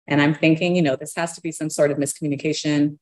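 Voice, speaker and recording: A woman's voice: sits low, level tone, quick pace. A woman earnestly telling her own story, given to a nervous laugh. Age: adult parent of young children. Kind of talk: personal storytelling.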